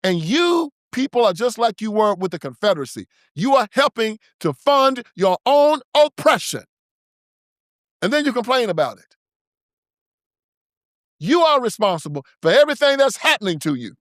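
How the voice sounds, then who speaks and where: A man's voice: very high-pitched, sing-song, moderate pace, fairly bright tone, no echo, clean studio sound. A man hosting his own show, delivering an emphatic, preachy and confrontational political commentary monologue. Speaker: show host.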